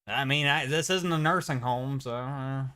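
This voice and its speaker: A young man streaming a game live, chatting casually and reacting with sudden loud outbursts. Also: mid-range voice, normal speed, clean tone. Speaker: gaming streamer. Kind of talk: live gameplay commentary.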